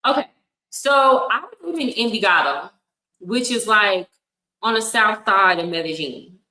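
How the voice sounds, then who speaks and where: A woman hosts a livestream with a bright, forceful voice. She talks bluntly and frankly, laughing often as she reacts. The sound carries an echoey room around her. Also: medium pitch, animated, unhurried. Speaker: livestream host. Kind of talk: casual reaction commentary. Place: home in Colombia.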